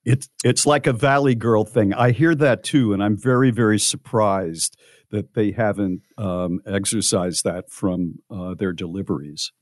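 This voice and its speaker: A man hosting a casual interview, agreeable and quick to affirm his guest. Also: lowish voice, no room sound, studio quality. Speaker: host.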